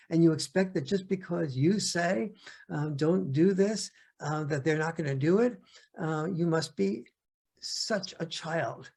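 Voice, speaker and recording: A man's voice: sits high, gravelly, husky, pitched above the performer's own voice, full character voice. A man doing a fretful, anxious mother. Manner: fretful, exclamatory. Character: anxious, self-blaming mother watching her kids. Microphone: video call.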